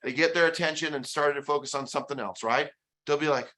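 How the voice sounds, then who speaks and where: An energetic man leads a sales training session and drives home his points with emphasis. His voice sits a little high and has a bright, sharp edge. He often slips into quick quoted exchanges between agent and client. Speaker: real estate sales trainer. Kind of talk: motivational training talk.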